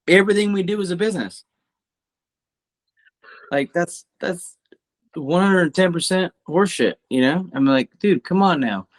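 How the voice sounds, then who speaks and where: A man co-hosting a podcast, ranting emphatically in casual, profane chat. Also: sits high. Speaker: podcast co-host.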